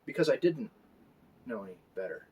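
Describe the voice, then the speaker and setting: A man in his forties giving a conversational story sermon, reflective and unhurried, with fillers. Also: mid-range voice, big pitch swings, darkish tone, slightly rough, muffled recording. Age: 40s. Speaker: pastor.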